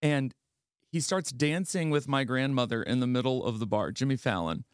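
Brief: man from Maryland, casual podcast guest, lively storyteller, dry close sound. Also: mid-range voice, moderate pace, clear, resonant tone, no room sound. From Garrett County, Maryland. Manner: animated storyteller, acts out quoted voices. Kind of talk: casual chat.

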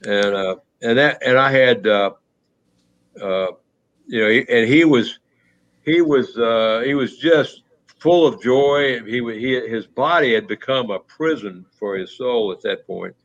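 Male speaker, halting reflective talk, many restarts, dull lo-fi sound. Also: a bit bright. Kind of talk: reflective conversational storytelling. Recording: muffled low-fidelity audio.

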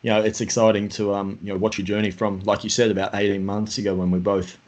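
A middle-aged man hosting a casual podcast chat, his voice sitting a little low. He rambles along, filling gaps with "you know" and loose restarts, on a home podcast microphone. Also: level tone, fast talker, darkish tone. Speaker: podcast host. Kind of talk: casual conversation.

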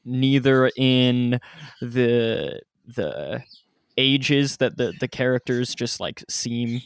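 A man's voice: mid-range voice, very slow, smooth, no echo. A man co-hosting a casual movie review chat, searching for words as he talks. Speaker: podcast co-host.

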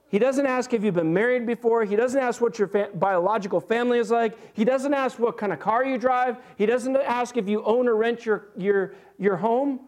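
A man pastor preaching a sermon in a conversational, animated way, with frequent fillers and restarts. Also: sits high.

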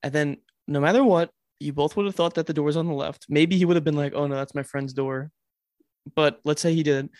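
A man's voice: fairly high pitch, steady tone, fairly quick, darkish tone, dry recording, studio quality. A young man cohosting a podcast, giving dating advice in a wry, mock-authoritative way.

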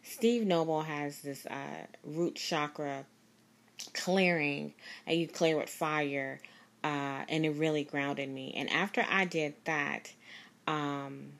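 A woman's voice: low-pitched, takes it slowly, gravelly, a bit bright. A woman telling a personal story in a casual, rambling, emphatic way, repeating herself as she goes. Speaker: vlogger.

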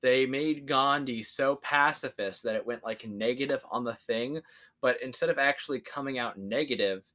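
A man's voice: mid-range voice, a bit bright. A man co-hosting a podcast in casual chat, swearing freely and laughing often. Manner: profane, laughs often, acts out quotes in funny voices. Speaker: podcast co-host.

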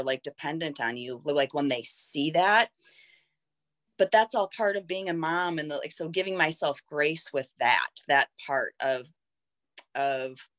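A woman's voice: low voice, fairly bright tone. Frank, reflective woman in her thirties. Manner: reflective, frank, heavy use of "like". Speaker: guest. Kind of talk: candid personal conversation.

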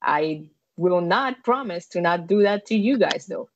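A woman's voice: fairly low pitch, expressive, measured pace, no echo. Sex: woman. Role: tabletop game player. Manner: matter-of-fact, dry teasing. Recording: dull, lo-fi. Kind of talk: casual game table chat. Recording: muffled lo-fi audio.

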